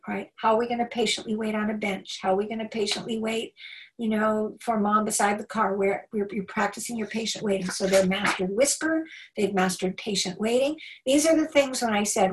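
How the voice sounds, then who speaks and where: A woman giving a live talk to parents, animated and emphatic, acting out little quoted remarks. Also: a little high, recorded from a distance, poor audio. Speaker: homeschool workshop speaker.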